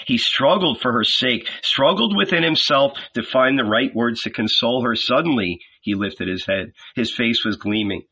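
A man narrating an audiobook in a measured, expressive reading. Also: medium pitch, husky. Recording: lo-fi dull audio.

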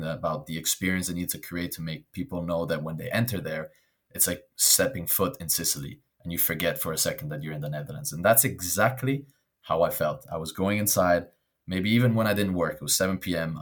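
A young Italian man, whose first language is Italian, telling stories about his life in a casual interview. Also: low-pitched. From northern Italy. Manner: storytelling, animated when quoting others. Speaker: guest.

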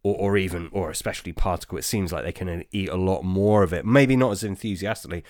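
A man hosting a casual chat, answering listener questions in a relaxed, rambling way with lots of ums and restarts. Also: low voice, fast talker, dry recording, clean studio sound. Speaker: podcast host.

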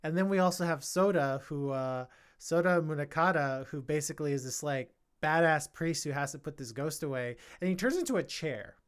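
A man hosting a casual film review podcast, eager and animated. His passion builds as he talks, and at times it spills over into loud, excited exclamations. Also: on the high side, moderate pace, smooth. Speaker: podcast host.

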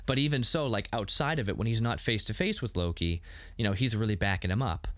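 A man co-hosting a casual review podcast, rambling through scenes and acting out quick quotes. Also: fairly low pitch, a bit bright, no echo. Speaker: podcast co-host reviewing a TV episode.

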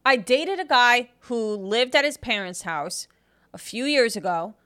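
Bright, animated woman podcast co-host. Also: on the high side, a little slow, clear, resonant tone. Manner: animated storyteller, swears, voice jumps up for emphasis. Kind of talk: casual chat.

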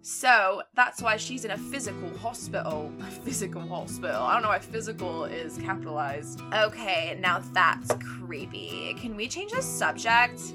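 A woman's voice: medium pitch, moderate pace, hardly any pauses, over music. A young woman co-hosting a podcast, reading fan fiction aloud with frequent laughter and asides. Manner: laughs often, reads stiffly then comments. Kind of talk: giggly comedic read-aloud with silly voices.

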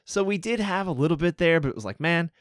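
A man's voice: high voice, expressive, quick pace, dry recording, studio quality. A man co-hosting a podcast, telling anecdotes in a chatty, casual way. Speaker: podcast co-host.

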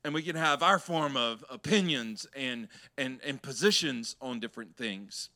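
A man's voice: medium pitch, normal speed, bright, forceful tone. A male pastor preaching a sermon, chatty and joking with the congregation, then pressing his points with rising emphasis. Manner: conversational, joking, building to emphatic.

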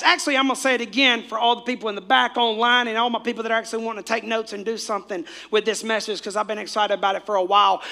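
A man with a very high voice and a bright, forceful edge preaches a lively sermon. He repeats his key lines again and again and urges the congregation to call phrases back to him. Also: gravelly. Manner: exclamatory, repetitive, calls for congregation responses. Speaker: pastor.

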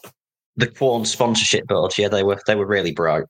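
A man's voice: lowish voice, brisk, low-quality recording. A man on a casual football podcast, chiming in with brief, dry quips.

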